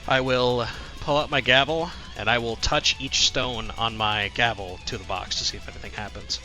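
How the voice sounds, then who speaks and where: A man's voice: medium pitch, normal speed, pushed and bright, faint music behind. A man playing a tabletop game, declaring his character's actions in a formal, mock-heroic tone. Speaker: player. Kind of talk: tabletop role-play.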